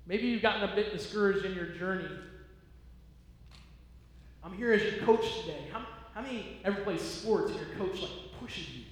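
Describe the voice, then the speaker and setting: Male pastor, high-pitched, emphatic, repetitive, long hall reverb. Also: moderate pace. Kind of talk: sermon. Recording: echoey hall.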